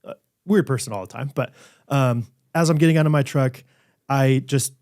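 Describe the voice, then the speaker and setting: A man's voice: medium pitch, moderate pace, darkish tone. A man co-hosting a casual podcast, telling a goofy everyday story with playful asides. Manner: jokey storyteller, sings snatches in a put-on croon. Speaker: podcast co-host. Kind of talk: casual chat.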